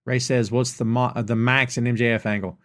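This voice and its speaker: A man's voice: mid-range voice, little pitch movement, brisk. A man with a Southern US accent hosting a live question-and-answer podcast. He rants emphatically and casually, repeating lines for effect. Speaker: podcast host.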